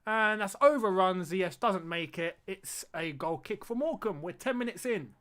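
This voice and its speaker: A man hosting a live football watch-along, chatting casually and crying out at the action. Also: high voice. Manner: excitable, chatty, quick to laugh and cry out at the action. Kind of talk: live casual match commentary and chat.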